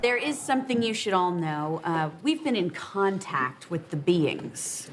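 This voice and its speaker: A solemn, hushed woman confessing in a sketch. Her voice is fairly low but rises and falls widely. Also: big pitch swings, unhurried. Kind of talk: sketch comedy acting.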